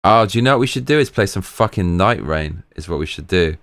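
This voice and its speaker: Sweary British man, lively pitch. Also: a little fast. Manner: rambling, sweary, jokey slang. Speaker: live-stream host. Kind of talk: casual live-stream chat.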